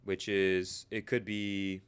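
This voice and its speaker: A man's voice: low-pitched, completely flat delivery, slow pace, clear, resonant tone. A man teaching traders about mindset in a motivational monologue, firing rhetorical questions and tagging "right?" after almost every phrase. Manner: repeats "right?" and "you guys" constantly, rhetorical questions. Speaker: trading educator.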